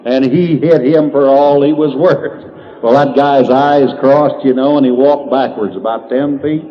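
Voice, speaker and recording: A man's voice: medium pitch, fairly even intonation, measured pace. Older folksy man spinning yarns. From Indiana, USA. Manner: drawling, chuckles at his own punchlines. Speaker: country humorist. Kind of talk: folksy comedic storytelling. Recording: dull lo-fi 1990s tape with faint hiss.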